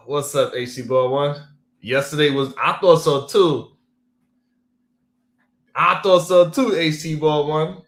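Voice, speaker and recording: A man's voice: a little high, fairly even intonation, slow, long pauses, reverberant. A man hosting a live stream, chatting casually, greeting viewers by name and laughing often.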